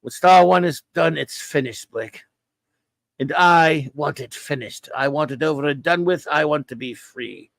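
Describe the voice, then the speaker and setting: A man voicing a cold, cynical male space rebel with a low snarling growl. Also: unhurried, vocal fry, a bit bright, dry recording. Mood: cold, bitter.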